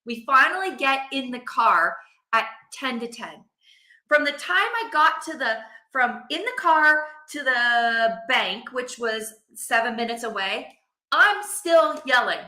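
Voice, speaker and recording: High bright woman's voice, animated storytelling, echoey room. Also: slow pace. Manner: animated, acts out her own quotes. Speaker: vlogger, mother. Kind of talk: casual storytelling to camera.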